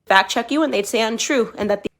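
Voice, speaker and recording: A woman's voice: on the high side, quick pace, a bit bright. A woman commentator making a political argument, emphatic, posing rhetorical questions as she goes.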